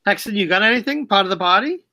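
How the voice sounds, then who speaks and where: Giggly bright-voiced woman host. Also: mid-range voice, animated, fast talker. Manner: playful, breaks into giggles while reading. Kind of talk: casual live-stream chat.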